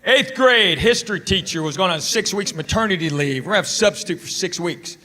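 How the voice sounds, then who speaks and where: A man's voice: high-pitched, animated, brisk, sharp tone. A middle-aged man from Tennessee, telling stand-up stories in a dry way and acting out the people in them, on a theater stage with a handheld mic. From Knoxville, Tennessee. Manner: dry storytelling, acts out quoted people. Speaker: stand-up comedian. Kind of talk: stand-up comedy set. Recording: live show with crowd noise. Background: audience laughter.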